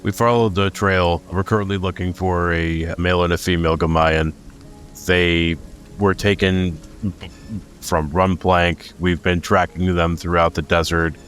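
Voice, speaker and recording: A man's voice: sits low, level tone, a bit bright. A man voicing a proud, composed male dragon adventurer in a tabletop game, speaking formally. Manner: formal, measured.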